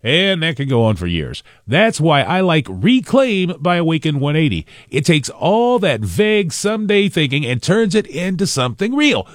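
A man's voice: a little high, very animated, normal speed, hardly any pauses, dry recording, studio quality. A man giving an earnest, conversational personal endorsement in a radio ad. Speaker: ad spokesperson.

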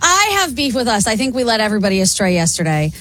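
A female radio co-host who talks fast, with a lively, slightly high voice. Her manner is wry and mock-complaining. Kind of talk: morning radio banter.

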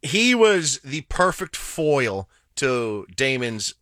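A man talks casually about a film's cast, his voice bright and sharp with lots of rise and fall in pitch. He is close to the mic in a dry booth, and now and then he hesitates over names. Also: sing-song, slow, no room sound. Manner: reads cast lists with hesitant name stumbles. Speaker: radio podcast co-host. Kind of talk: casual movie review chat.

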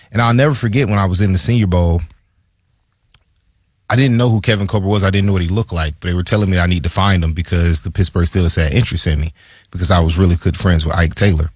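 A man, a former football player, chatting casually about his career as a podcast co-host, acting out quotes in a higher voice. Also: husky, no echo, clean studio sound. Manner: animated storyteller, acts out quotes in a higher voice. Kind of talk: casual sports chat.

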